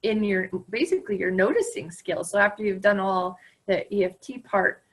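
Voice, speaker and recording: A woman interviewing a guest in a casual chat, telling stories with lots of laughter and sudden high-pitched quoted lines. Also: moderate pace, rough recording. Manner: animated storyteller, laughs often, jumps high on quoted lines. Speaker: interviewer and coach.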